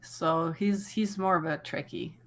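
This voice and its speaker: A woman on a casual gaming podcast call who talks in a relaxed, loose way and fills her sentences with "like.". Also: fairly low pitch, measured pace. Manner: relaxed, lots of "like" fillers.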